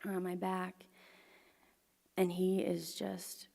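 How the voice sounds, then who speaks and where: Gravelly woman telling a story on stage. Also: lowish voice, monotone, takes it slowly. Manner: earnest, drops to a hushed near-whisper in emotional moments. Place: performance venue with audience. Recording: long hall reverb.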